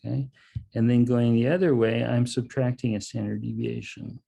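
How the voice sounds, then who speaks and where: A man's voice: medium pitch, fairly even intonation, normal speed, gravelly, mellow, slightly rough. A man teaching a math lesson online, explaining step by step in a casual way and saying "okay" and "um" often. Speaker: math instructor. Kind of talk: online lecture.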